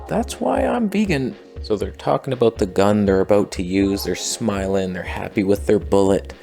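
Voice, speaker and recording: Deadpan sarcastic man, low voice. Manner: mock-earnest sarcasm. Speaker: satirical commentator. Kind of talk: deadpan satirical monologue.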